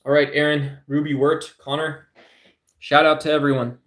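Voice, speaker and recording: A man's voice: a little high, little pitch movement, normal speed, a bit bright. Rambling male streamer in an echoey room. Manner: rambling, preachy, calls listeners brother. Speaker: live stream host. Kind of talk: casual political rant to chat.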